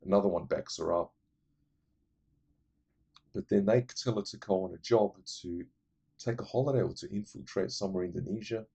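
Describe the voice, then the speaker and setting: Brief: a low, husky-voiced man chatting casually about his favourite films. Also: brisk, long pauses, warm tone. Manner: rambling, enthusiastic, many fillers. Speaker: movie reviewer. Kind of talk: casual movie recommendations.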